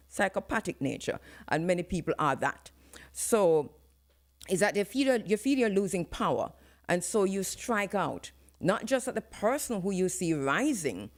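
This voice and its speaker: A woman hosting live radio commentary, talking in an animated way and switching into patois for emphasis. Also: on the low side. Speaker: radio talk show host. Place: radio studio.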